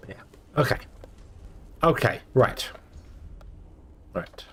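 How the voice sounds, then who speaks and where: A man's voice: medium pitch, expressive, drawn-out words, fairly bright tone, breathy edge. A sleepy man casually commenting on his own gameplay, thinking aloud with lots of fillers. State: sleepy, yawning. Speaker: gameplay streamer.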